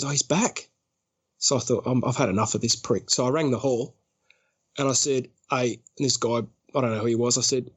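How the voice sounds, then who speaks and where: Speaking at a mid pitch, an Australian podcast guest relates his story in a relaxed, lively way. He often laughs and jumps into quick impressions of what other people said.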